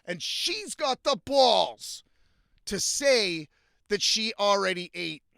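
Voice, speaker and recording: A young man with a fairly high voice rants bluntly about his life, swearing freely and sounding fed up. The sound is dry and close, with almost no room around it. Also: lively intonation, slow, gravelly, pushed and bright, no echo. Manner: profane, blunt, frequently exasperated. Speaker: vlogger. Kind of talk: casual storytelling rant.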